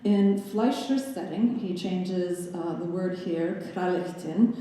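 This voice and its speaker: A woman's voice: lowish voice, takes it slowly, warm tone. A young adult woman giving a graduate lecture recital, with wry, playful asides in a scholarly talk. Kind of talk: presented lecture with slide analysis. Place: recital hall. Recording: roomy recital hall reverb.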